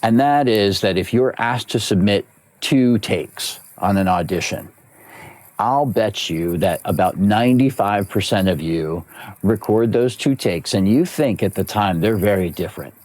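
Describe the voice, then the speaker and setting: A man's voice: fairly low pitch, unhurried, a little mellow, no room sound. A man who works as a voice actor and coach, explaining his craft in an interview and repeating key phrases for emphasis.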